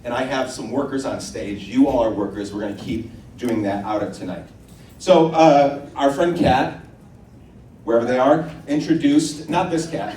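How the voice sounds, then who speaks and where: A man's voice: medium pitch, moderate pace, dark tone, slight background noise. A man moderating a panel, rallying a live audience in earnest and leading call-and-response. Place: stage in a hall. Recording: roomy hall sound, distant mic.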